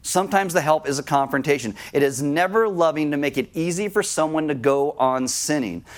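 A man with a somewhat high voice preaches a sermon to his congregation. He talks with them in a conversational way and turns lively when he acts out a scene. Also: fairly quick. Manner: conversational, addresses congregation directly. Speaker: pastor.

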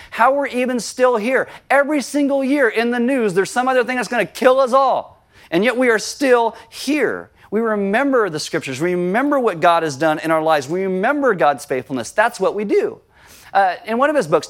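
A man preaching a sermon as pastor, animated and conversational, reading scripture and acting out quotes. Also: sits high.

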